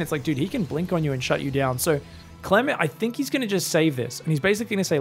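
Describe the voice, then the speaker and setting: A man's voice: high voice, big pitch swings, fast talker, a bit bright, soft background music. A man with an Australian accent doing solo esports commentary, chatty and joking with teasing asides. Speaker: esports caster.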